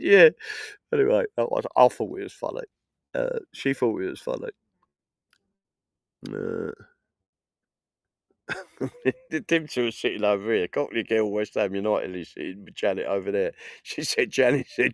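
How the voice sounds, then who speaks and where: On a dry recording, a middle-aged English political livestreamer speaks at normal speed in a creaky voice on the low side, pausing often. He's outdoors at a festival field in the evening on a casual stream, rambling through tales, cursing, and laughing at his own humor.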